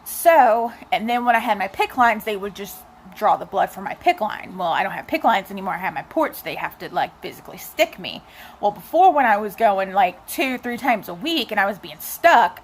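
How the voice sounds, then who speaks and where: A woman's voice: mid-range voice, very animated, normal speed, a little hiss or hum. A young woman chatting casually to her viewers, telling a personal story with lots of asides. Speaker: vlogger.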